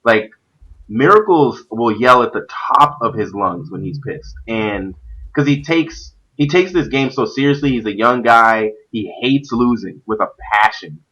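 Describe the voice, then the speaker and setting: An animated youth pastor hosting a stream rambles casually about competitive gaming, leaning heavily on fillers. His mid-range voice is unhurried, and the audio is dull.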